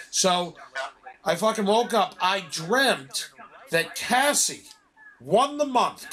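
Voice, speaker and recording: Bright, high-voiced man telling a story. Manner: animated storytelling, heavy swearing. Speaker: gamer chatting while playing. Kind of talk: casual chat.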